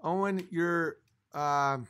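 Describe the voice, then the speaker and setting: Speaking slowly in a slightly high, somewhat bright and clean tone, a man reads his livestream chat. A few drinks have left him a little tipsy, and he argues with chat in a profane, exasperated rant.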